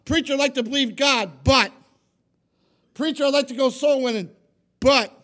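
A man's voice: very high-pitched, normal speed, fairly bright tone, voice pushed up. Man mimicking an excuse-making churchgoer. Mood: mocking. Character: excuse-making churchgoer, adult, half-hearted.

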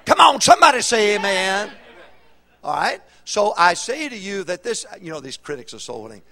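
A middle-aged man preaches to his congregation in an energetic, humorous style. His voice sits high and swings widely in pitch. He keeps throwing questions back to the pews. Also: moderate pace. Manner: animated, humorous, call-and-response preaching. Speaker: pastor. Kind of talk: sermon. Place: church auditorium.

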